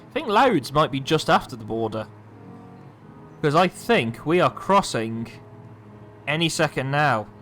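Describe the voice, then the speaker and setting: A man's voice: a little high, a bit bright. A man, an airline pilot chatting casually as he streams a flight simulator, thinking aloud and poking fun at himself. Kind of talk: casual live-stream commentary.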